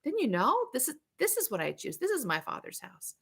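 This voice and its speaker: A woman's voice: high voice, wildly swooping pitch, a little fast, gravelly, fairly bright tone, husky, voice pushed up, heavily acted. A woman doing a puzzled, guileless young boy. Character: innocent, puzzled twelve-year-old boy.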